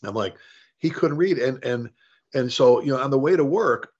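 A man's voice: mid-range voice, normal speed, breathy edge. A middle-aged man, a fire service leader, telling stories in an interview, acting out quoted dialogue and restarting his sentences often. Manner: animated storyteller, acts out quoted dialogue, frequent restarts. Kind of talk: conversational storytelling. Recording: dull lo-fi interview audio.

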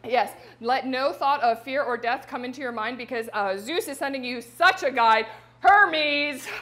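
A woman voicing a reassuring female goddess messenger who rattles off her message quickly and casually. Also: sits high, a bit bright. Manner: rapid, breezy, reassuring.

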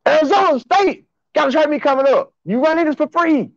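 A man hosting a track and field show, talking to his fans in an excited, slangy, repetitive way on a livestream. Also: very high voice, fairly quick, creaky, dry recording, muffled recording. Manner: hyped, hollering, slangy and repetitive.

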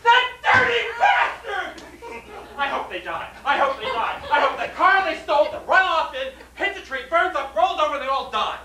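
A woman acting the part of an exasperated, incredulous husband who yells and blusters after a burglary, in a class scene. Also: sits high, expressive, a little fast, few pauses, a crowd in the background. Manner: blustering, incredulous, yelling outbursts. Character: exasperated middle-aged husband, loud and blustering. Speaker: acting student. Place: classroom stage. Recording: roomy and distant, faint noise.

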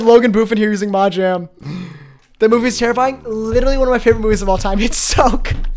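A man streaming a game live, chatting with viewers, excitable and quick to laugh. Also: sits high. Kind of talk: live gaming stream chat.

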